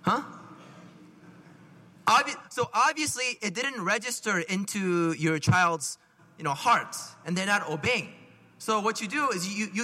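Brief: male preacher, casual sermon full of rhetorical questions, high and bright. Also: moderate pace, in a large hall. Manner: conversational, keeps checking in with rhetorical questions.

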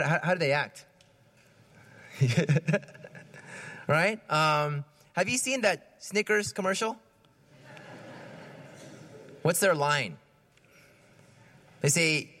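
A preacher delivers a conversational homily, asking his listeners questions and repeating his words often as he goes. His voice is a little high and a bit bright.

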